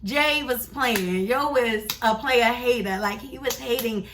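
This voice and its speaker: A young woman vlogger telling a story in a casual, chatty, slangy and animated way. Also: on the high side, measured pace, distant mic, noisy background.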